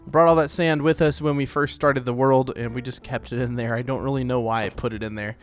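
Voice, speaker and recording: A man's voice: medium pitch, steady tone, fast, soft background music. A man hosting a let's play, rambling casually as he plays, with lots of fillers. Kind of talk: casual gameplay commentary.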